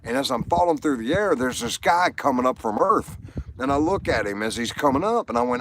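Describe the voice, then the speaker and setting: A man's voice: mid-range voice, brisk, gravelly. A middle-aged man hosting a live stream, telling jokes and chatting casually with viewers by name. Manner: animated, jokey, addresses viewers by name. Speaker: livestream host. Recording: noisy background.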